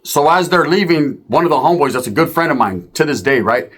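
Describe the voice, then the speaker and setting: A man's voice: on the high side, fairly quick, a little hiss or hum. A man telling a profane street story, acting out the other people's voices. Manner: animated, profane, acts out voices.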